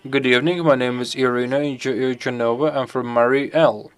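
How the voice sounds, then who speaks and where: A man interpreting a conference Q&A live, halting as he picks his words. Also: mid-range voice, steady tone, smooth.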